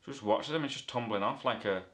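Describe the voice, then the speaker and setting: A man's voice: medium pitch, fast talker, a bit bright. Rambling comic man reviewing a movie. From north of England. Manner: rambling, self-correcting, playful.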